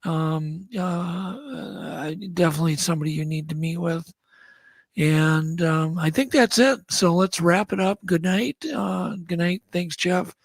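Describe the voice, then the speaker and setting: A man's voice: on the high side, unhurried, no room sound. A man hosting a radio talk show, signing off in an earnest, thankful way. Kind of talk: show sign-off chat.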